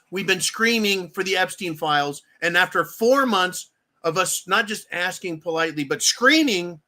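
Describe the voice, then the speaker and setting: Male commentator, high bright voice, profane and heated, sarcastic rant delivery. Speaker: political commentator. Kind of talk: angry political rant.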